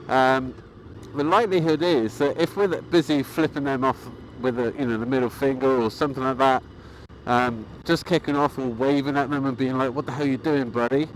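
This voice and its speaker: A man vlogging about motorcycling, talking in a calm, rambling way with many fillers and restarts. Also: mid-range voice, moderate pace, a little hiss or hum, rough recording. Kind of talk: casual vlog monologue.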